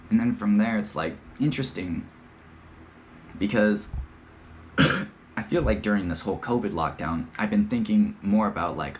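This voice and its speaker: A young man with a lowish voice rambles through a casual podcast monologue, his pitch swinging widely from line to line. He talks in loose slang and swears freely, and now and then drops into playful voices. A faint hiss sits under his voice. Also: animated, a little fast. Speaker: podcast host.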